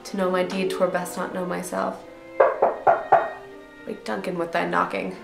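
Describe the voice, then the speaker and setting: A haunted Scottish nobleman, anxious and tormented, declaiming verse intensely, as a woman plays him. The voice rings through a very echoey room with clear music underneath. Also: lowish voice, monotone, unhurried. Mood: despairing. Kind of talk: stage acting of verse drama.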